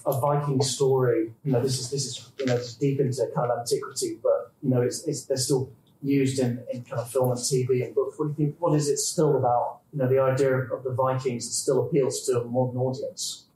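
A male interviewer with a mellow, dark voice asks a meandering question full of fillers. He sounds roomy and distant, over a faint background hum. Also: mid-range voice, flat delivery, a little fast, hardly any pauses. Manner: hesitant, repeats "you know".

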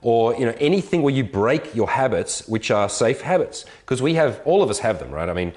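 A man casually telling an animated, profane travel story in conversation. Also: medium pitch, fairly quick. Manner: animated storyteller, swearing, voices others.

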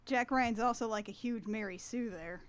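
A woman hosting a podcast in casual chat, playful and animated, laughing often. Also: fairly high pitch, moderate pace. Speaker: podcast host.

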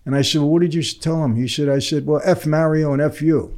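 A man's voice: fairly high pitch, quick pace. An older man, a podcast guest telling a long story and acting out each person's lines. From New York. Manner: animated, acts out the other people's lines. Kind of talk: storytelling in conversation.

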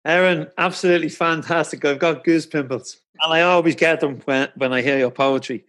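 A man's voice: a little high, steady tone, brisk, fairly bright tone. A man hosting an interview, asking questions with enthusiasm and frequent restarts. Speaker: podcast host. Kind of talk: casual interview.

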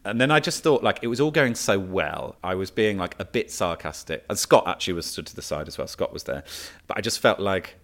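Male comedian, very low voice, rambling story-teller. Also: a little fast, few pauses. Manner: animated anecdotes with many fillers and restarts. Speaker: comedian guest. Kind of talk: casual chat, storytelling.

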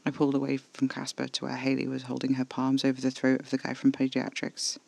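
Gravelly man narrating horror. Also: medium pitch, monotone, fast talker, darkish tone, poor audio. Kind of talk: scripted first-person horror narration.

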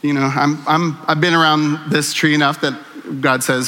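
A man's voice: fairly high pitch, fairly even intonation, normal speed, sharp tone, long reverb tail. A man preaching a conversational sermon, earnest and candid, with self-deprecating humor, in a church sanctuary. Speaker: pastor.

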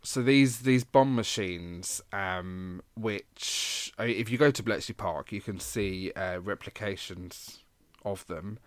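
A man's voice: on the low side, slow, no room sound. A man co-hosting a casual podcast, explaining history with frequent ums and restarts. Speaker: podcast co-host.

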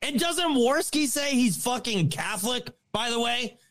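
A man's voice: very high voice, lively intonation, unhurried, a bit bright. A man co-hosting a livestream, chiming in with short remarks and agreement. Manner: brief agreeing interjections. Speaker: livestream co-host. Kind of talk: casual chat.

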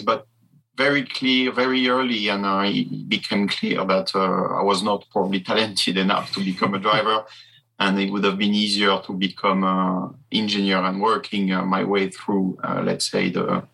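A man from southern France with a French accent, speaking English as a guest race engineer in a casual interview, pausing often to find his words. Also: on the low side, creaky, pushed and bright, husky, rough recording. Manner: halting, searching for words.

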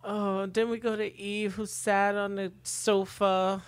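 Relaxed podcast co-host, dry sound. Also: mid-range voice, slow, clean tone, no room sound. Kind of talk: casual chat recapping a TV show.

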